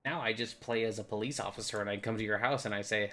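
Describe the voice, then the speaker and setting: A man's voice: fairly low pitch, fairly even intonation, fast talker, bright, forceful tone. A young man giving a rambling, goofy tour of a game map, joking and putting on silly voices now and then. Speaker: game video host.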